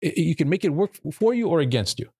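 A man hosting a loose podcast conversation, rattling along at a quick clip. His voice sits close and dry, with no room around it. He talks freely and curses casually. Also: a little high, sing-song, darkish tone, husky, no room sound. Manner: talkative, swears casually, laughs often. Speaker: podcast host. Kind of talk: casual group chat.

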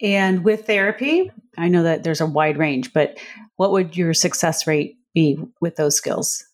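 A woman's voice: on the low side, a little slow. Woman podcast host asking questions. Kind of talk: podcast interview.

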